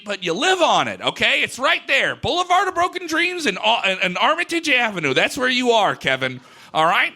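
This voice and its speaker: A high, gravelly male voice with a sharp, bright edge, working a live room as a stand-up. He drops to hushed deadpan and then bursts into shouted rants. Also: moderate pace. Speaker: comedian doing stand-up bit. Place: live event venue with audience.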